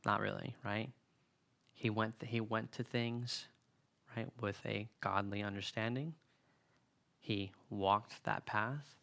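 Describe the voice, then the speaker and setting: A man's voice: lowish voice, fairly even intonation, slow, gravelly, long pauses, fairly bright tone. A young man preaching in a casual, earnest way who often acts out the lines of everyday arguments. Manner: earnest, conversational, acts out quoted dialogue. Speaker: youth preacher. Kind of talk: sermon-style teaching on a book.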